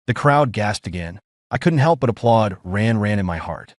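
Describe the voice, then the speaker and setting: Man narrating a story with lively pitch. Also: moderate pace, no room sound, studio quality.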